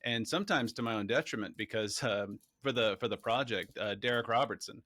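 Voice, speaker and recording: A man being interviewed about his documentary, telling animated stories and acting out what people said. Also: mid-range voice, fairly quick, dry recording. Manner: animated, excitable storyteller acting out quotes. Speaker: documentary filmmaker guest. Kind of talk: casual interview storytelling.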